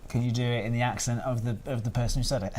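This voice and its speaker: A man hosting a live stream in casual chat, animated and self-deprecating, with loud bursts of exclamation. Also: mid-range voice, brisk. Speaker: stream host.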